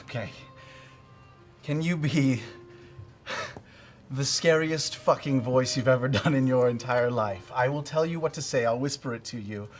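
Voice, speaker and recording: A man's voice: medium pitch, unhurried, long pauses, soft background music, lightly acted. A man playing an anxious middle-aged gnome father in a tabletop role-play, earnest and stammering. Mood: pleading.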